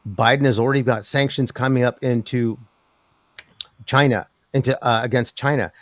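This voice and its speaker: An older man, a guest in an interview talking about metals markets, who rambles with an animated delivery, many restarts and laughs. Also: medium pitch, moderate pace, dry recording. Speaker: precious metals commentator.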